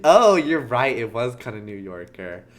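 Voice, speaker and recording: A chatty streamer reacting to a story game, with lots of "like" and frequent giggles. The pitch swings widely while the pace stays slow and easygoing. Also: sing-song. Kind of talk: casual game commentary.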